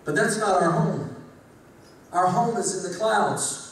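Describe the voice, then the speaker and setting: A man in his forties, a former pastor, speaking to an audience in a rhythmic preaching cadence that swings from loud to hushed. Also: high voice, animated, unhurried. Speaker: former pastor giving a talk. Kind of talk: preacher-style speech to an audience. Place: large hall with a live audience. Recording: echoey hall from far off, faint noise.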